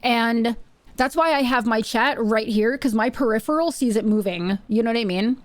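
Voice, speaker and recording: A talkative woman streamer chats with her viewers from a home setup. Her voice sits a little higher than most. It is close to the mic and dry, with no room sound. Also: moderate pace, no echo. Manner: chatty, rambling, repeats phrases. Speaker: Twitch streamer. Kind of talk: casual live-stream chat.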